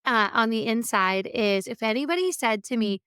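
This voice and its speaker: Woman podcast host, fairly high, smooth voice; chatty motivational monologue, dry close mic. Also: lively intonation, moderate pace, fairly bright tone, no room sound. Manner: conversational, acts out quoted remarks. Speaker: podcast host and keynote speaker.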